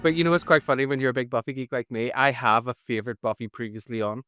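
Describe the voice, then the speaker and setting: A man's voice: mid-range voice, fairly even intonation, fast, over music. A man from Ireland co-hosting a podcast, chatting about an episode as an eager, jokey fan. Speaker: podcast co-host. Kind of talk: casual chat about a TV episode.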